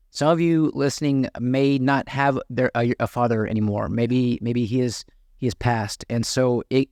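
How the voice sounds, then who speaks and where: A man's voice: mid-range voice, darkish tone, dry recording, clean studio sound. A man hosting a podcast interview, enthusiastic and rambling, often restarting his sentences. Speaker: podcast host.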